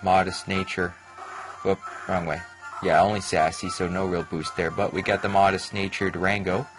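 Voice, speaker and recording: A man hosting a let's play, giving rambling gameplay commentary with excitable reactions. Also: deep voice, low-quality recording. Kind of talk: gaming commentary. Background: game music.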